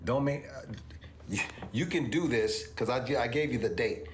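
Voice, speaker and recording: Talking viewers through crypto charts on his livestream, a male commentator uses a mid-range voice at a moderate pace. The recording carries a little hiss or hum. His delivery is forceful and repetitive, escalating into exclamations of disbelief.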